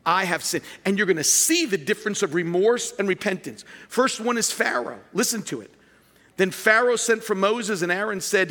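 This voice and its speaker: A man delivers an animated sermon from the pulpit, his voice high and bright. He pushes up to shouts to drive points home. The sound carries a long reverb from a large sanctuary. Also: moderate pace. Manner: animated preaching, rising to shouts for emphasis. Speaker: pastor.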